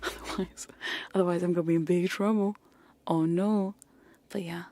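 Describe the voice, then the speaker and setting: A young woman in a whispered role-play style ASMR livestream, chatting casually and giggly, whispering close to the mic and slipping into soft speech. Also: on the low side, fairly even intonation, normal speed, dry recording. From United Kingdom. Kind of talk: whispered chat on stream. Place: home streaming setup. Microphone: close condenser mic.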